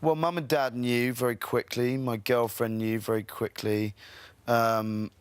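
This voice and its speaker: A man from England, a guest actor chatting in a TV studio interview, relaxed and self-deprecating. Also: medium pitch, a little slow, clear, resonant tone, dry recording. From England (London and the Midlands). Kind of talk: casual TV interview chat.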